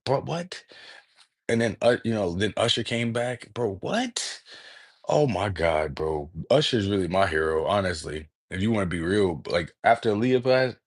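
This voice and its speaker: Male streamer, lower register, casual and excitable, swears freely, rambles and trails off. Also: husky. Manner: excitable, profane, slangy, peppers speech with "bro"; jumps between thoughts, trails off mid-word. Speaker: livestream host. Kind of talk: casual rambling livestream talk.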